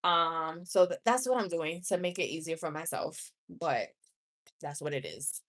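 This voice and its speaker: Woman, 30s, New York accent, unhurried chatty live-streamer who laughs a lot between tangents. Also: deep voice, lively intonation. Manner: chatty, laughs often, rambling asides. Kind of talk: casual live-stream chat with viewers. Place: home room.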